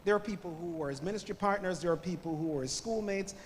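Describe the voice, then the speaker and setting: A man's voice: high-pitched, fast, a little hiss or hum. Jamaican man preaching in a reverberant church. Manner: loud greeting, then storytelling with soft drops. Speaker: guest pastor. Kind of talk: sermon. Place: church sanctuary. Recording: church hall reverb with faint ambience.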